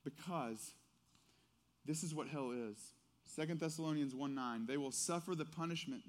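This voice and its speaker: A man preaching a sermon, swinging from hushed, intimate lines to loud, urgent ones. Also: mid-range voice. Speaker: pastor.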